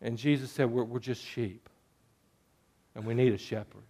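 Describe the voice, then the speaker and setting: A man's voice: mid-range voice, fairly even intonation, normal speed, warm tone, slightly rough. A man preaching a sermon, moving between earnest scripture reading and playful jokes with sheep bleats. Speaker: pastor.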